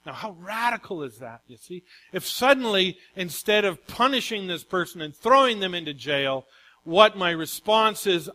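A man's voice: sits high, lively intonation, moderate pace, sharp tone, rough recording. A man preaching a sermon as pastor, emphatic and calling out questions to the congregation.

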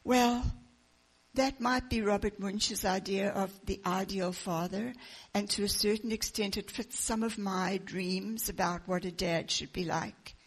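A woman preaching a sermon, reading a children's story aloud with expressive storytelling. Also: mid-range voice, unhurried, breathy edge.

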